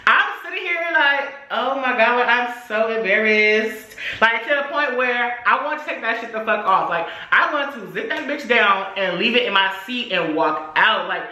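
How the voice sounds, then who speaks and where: Bright, slangy woman telling a story. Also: on the high side, moderate pace, few pauses. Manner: animated, slangy, profane storytelling. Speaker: vlogger. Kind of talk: casual storytime. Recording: echoey room.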